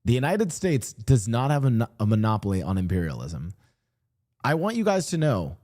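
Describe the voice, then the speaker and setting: A man streaming and chatting casually about world politics, rambling and animated, often restarting his sentences and slipping into mock voices. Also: mid-range voice, normal speed. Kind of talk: casual livestream chat. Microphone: streaming desk mic.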